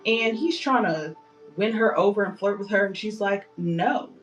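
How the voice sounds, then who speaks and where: A young woman casually retelling a story on a livestream, chatty and animated, with playful outrage, painting her nails as she talks. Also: mid-range voice, moderate pace, dull audio, soft background music.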